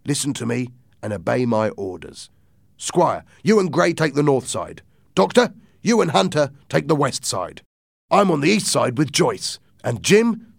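A man's voice: mid-range voice, creaky, no room sound, clean studio sound, voice pushed up, exaggerated voice. A man voicing a stern, commanding ship captain who gives clipped orders in a raised voice.

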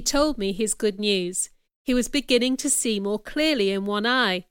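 A woman reading a first-person story aloud in a measured, expressive narration. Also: mid-range voice, clean tone, no room sound, clean studio sound.

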